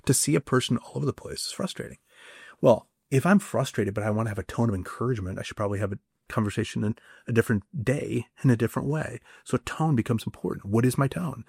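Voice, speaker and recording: A man's voice: mid-range voice, creaky, breathy edge, no echo, studio quality. A man hosting a solo podcast, teaching communication in a conversational way, often repeating and restarting words and asking rhetorical questions. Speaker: podcast host and communication coach.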